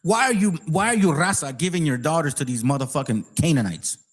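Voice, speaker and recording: A man's voice: on the high side, expressive, fairly quick. A man hosting his channel, giving a heated, profane and sarcastic ranting commentary. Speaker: channel host.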